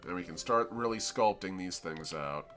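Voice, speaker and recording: A man's voice: low-pitched, normal speed, a bit bright, soft background music. A man with a Floridian accent, chatting casually and rambling as he explains his drawing on a live stream. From Florida, United States. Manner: rambling, self-interrupting, explains as he draws.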